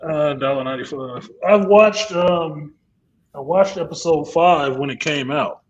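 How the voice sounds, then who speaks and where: A man's voice: on the high side, a little slow, muffled recording, slight background noise. A man hosting a casual livestream hangout, telling profane stories and laughing often. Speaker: podcast host.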